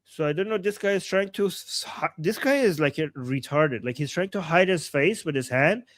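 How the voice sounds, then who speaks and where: A man's voice: a little high, fairly quick, a little hiss or hum. A man from Iran co-hosting a live stream, casually translating a protest clip with lots of fillers and amused asides.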